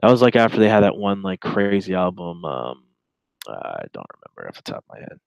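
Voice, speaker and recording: Low-voiced man in casual, rambling commentary. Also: wildly swooping pitch, a little fast, gravelly, smooth, no echo, low-quality recording. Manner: rambling, chatty, sarcastic asides. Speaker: commentator reading a chat log.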